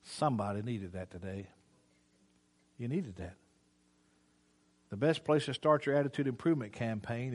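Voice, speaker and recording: An older man preaching a sermon, folksy and teasing, moving between quiet asides and loud preaching. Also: medium pitch. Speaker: pastor.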